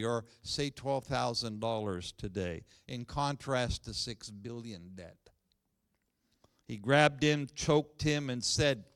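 A man's voice: a little high, a bit bright, clear, resonant tone, no room sound. Man preaching a sermon, dry sound. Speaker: pastor.

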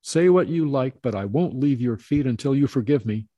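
A man's voice: medium pitch, expressive, moderate pace, dark tone, no room sound, dull audio, voice pushed up, close to an everyday voice. A man voicing a drunken peasant thief who begs and insists, in a raised, emphatic voice. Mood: pleading.

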